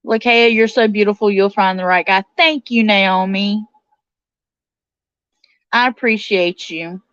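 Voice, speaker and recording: This livestream host speaks in a smooth, slightly bright mid-range voice at a measured pace, keeping her intonation fairly even. In a casual chat she reads viewer comments out loud and responds to them. The recording has no room sound and comes across dull, dry and a little lo-fi.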